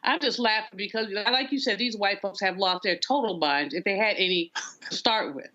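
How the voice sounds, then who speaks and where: A woman's voice: mid-range voice, normal speed, pushed and bright, dull audio. A woman panel guest talking politics bluntly and with some amusement. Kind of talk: political discussion.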